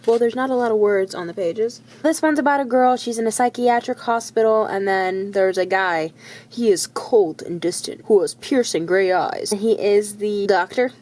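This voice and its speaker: A young woman chatting candidly about her reading in a casual vlog, blunt and animated, sometimes dropping to soft asides. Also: mid-range voice, moderate pace. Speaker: book vlogger.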